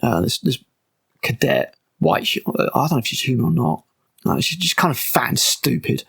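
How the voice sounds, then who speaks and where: Man, TV reviewer, mocking and exasperated, fairly high voice, very lively pitch. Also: moderate pace, gravelly, slightly rough. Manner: exasperated, mocking, with frequent fillers and restarts. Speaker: TV show reviewer. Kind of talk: sarcastic episode breakdown.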